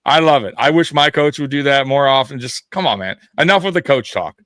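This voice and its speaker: Bright-voiced, foul-mouthed man hosting. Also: mid-range voice, lively intonation, a little fast, no echo. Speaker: podcast host. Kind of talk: casual sports talk.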